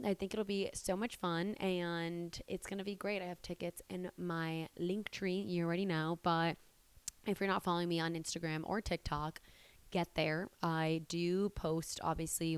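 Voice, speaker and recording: A woman's voice: lowish voice, smooth, no room sound. A woman in her twenties chatting casually to camera in a rambling, conversational way. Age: 20s. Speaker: vlogger and stand-up comedian.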